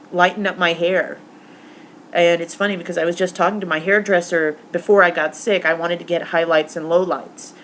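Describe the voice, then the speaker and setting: A young woman vlogger with a fairly low-pitched voice recaps her week to camera, rambling casually with lots of fillers. She's tearful and emotional while recovering from stomach flu, and there's slight background noise.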